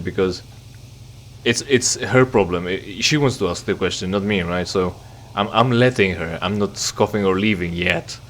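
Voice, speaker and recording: A man's voice: lowish voice, a little hiss or hum. Sarcastic rambling male gamer. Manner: sarcastic, rambling, reads game dialogue aloud. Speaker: let's play commentator. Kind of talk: casual gameplay commentary.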